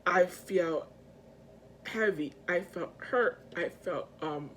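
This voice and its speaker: A woman's voice: fairly low pitch, slight background noise. Rambling, earnest woman vlogger. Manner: rambling and halting, full of fillers and restarts; emotional and earnest. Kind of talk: personal video update to viewers. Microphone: self-filmed camera mic.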